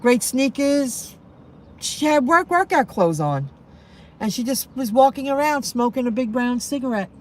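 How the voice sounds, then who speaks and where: A woman's voice: high-pitched, lively intonation, measured pace, darkish tone, a little hiss or hum. Rambling middle-aged woman streaming from her car. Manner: rambling, repeats phrases, answers viewer chat. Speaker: delivery driver live streamer. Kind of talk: casual live-stream chat. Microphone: phone.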